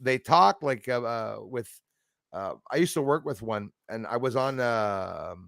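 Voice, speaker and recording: A man whose first language is French, hosting a casual chat and telling animated stories with mimicked accents. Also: medium pitch, unhurried, gravelly, no echo. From Canada. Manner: animated storyteller, mimics accents, laughs often. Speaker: channel host.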